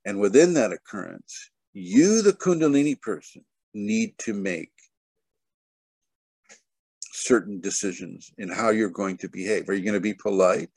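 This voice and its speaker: A low-voiced man teaches spiritual matters over a video call, rambling and leaning on "you know" and "okay". His voice comes through dry and close, with no room echo. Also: expressive, measured pace, darkish tone, breathy edge. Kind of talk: spoken online teaching.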